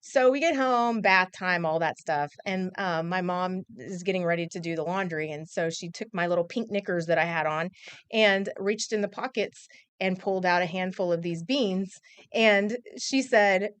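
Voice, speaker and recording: A woman's voice: lowish voice, moderate pace, smooth, dry recording. A woman in her forties, a news anchor, chatting casually on air and telling a story with acted-out quotes. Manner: animated storyteller, acts out quotes. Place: TV news studio.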